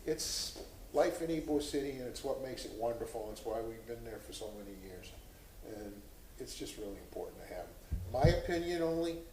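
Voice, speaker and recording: An impassioned man speaks at a public board meeting and admits he is getting preachy. His voice sits at a middle pitch. The echoey chamber carries a faint hiss. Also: expressive, normal speed, a little mellow. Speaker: board member. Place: city meeting room.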